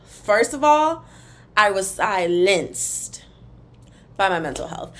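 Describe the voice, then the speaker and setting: A young woman hosts a casual solo podcast from a room at home, sitting in front of a wall and talking into her computer's built-in mic. She is chatty and gossipy and calls her listeners y'all, in a mid-range, sing-song, slightly bright voice at a slow pace.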